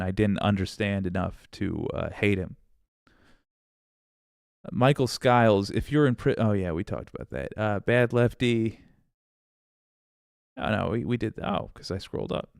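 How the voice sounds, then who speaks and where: A man's voice: fairly low pitch, gravelly, no echo, clean studio sound. A man hosting a political livestream, casually reading viewer comments with sarcasm, frequent swearing and laughter. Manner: rambling, sarcastic, swears freely, laughs often.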